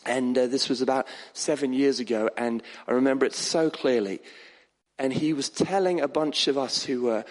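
A man's voice: medium pitch, normal speed. Earnest male pastor in a reverberant hall. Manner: earnest, swings from soft and quiet to raised and emphatic. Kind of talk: sermon. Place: church.

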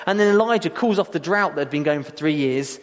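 A man's voice: a little high, expressive, fast. A man preaching a sermon, telling a story with energy and acting out the quotes. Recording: long hall reverb.

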